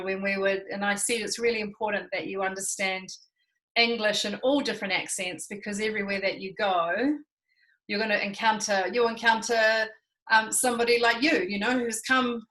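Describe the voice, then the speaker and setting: A woman's voice: mid-range voice, sharp tone, low-quality recording. A woman with a New Zealand accent, chatting casually as co-host and laughing easily. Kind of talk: casual chat.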